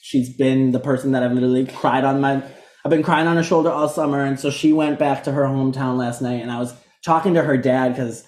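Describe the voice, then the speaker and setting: A man's voice: medium pitch, little pitch movement, brisk, a little mellow. A man co-hosting a podcast in casual chat, gossiping with lots of fillers and acting out quotes. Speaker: podcast co-host. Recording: echoey room.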